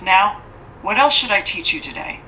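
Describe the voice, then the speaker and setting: A woman's voice: medium pitch, lively intonation, normal speed, bright, forceful tone, far from the mic, a little hiss or hum, low-quality recording. A woman voicing a cold, aloof lady who means to fatten and eat a child, speaking stiffly and formally.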